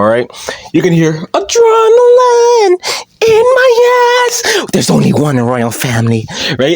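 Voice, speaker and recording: Heated, foul-mouthed young man ranting. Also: on the high side. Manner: profane, heated, mocking. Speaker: vlogger. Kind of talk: casual rant.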